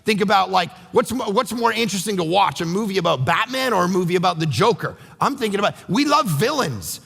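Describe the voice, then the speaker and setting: A middle-aged man preaching a sermon as pastor, animated and acting out quotes in voices. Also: sits high, brisk, creaky, slightly rough, in a large hall. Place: church sanctuary.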